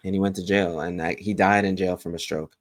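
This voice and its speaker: A man co-hosting a casual TV recap podcast, retelling scenes in a relaxed way with fillers. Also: low-pitched, fairly quick, no echo. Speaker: podcast co-host.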